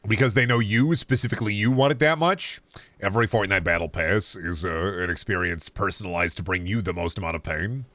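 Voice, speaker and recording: A man with a slightly low voice chats loosely with his viewers while playing a video game. He rambles, restarts his sentences and drops casual swears into his jokes. His tone is relaxed and offhand. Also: brisk, dry recording. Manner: answers chat questions while playing. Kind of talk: casual rambling stream chat.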